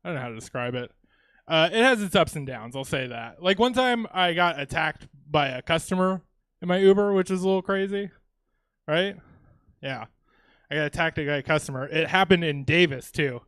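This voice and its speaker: A man's voice: on the high side, animated, normal speed, fairly bright tone, clear, resonant tone, dry recording. A man from Louisiana doing a stand-up comedy set on a comedy theater stage, talking casually with swearing and chuckling asides.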